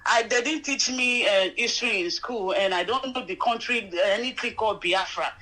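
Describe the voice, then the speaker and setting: High, bright-voiced woman caller. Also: moderate pace, rough recording. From Nigeria. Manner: earnest, emotional, repetitive. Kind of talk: call-in chat.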